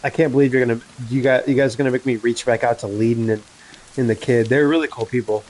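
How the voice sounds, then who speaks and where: A man's voice: mid-range voice, fairly even intonation, fast talker, darkish tone, low-quality recording. A young man chatting casually with a friend while gaming, rambling with many fillers, laughing and swearing. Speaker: gamer. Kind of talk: casual chat over voice chat.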